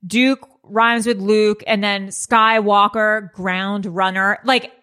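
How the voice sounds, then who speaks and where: A woman podcast host chatting casually with her co-hosts, playful and teasing and quick to laugh. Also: mid-range voice, little pitch movement, bright, forceful tone. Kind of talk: casual chat.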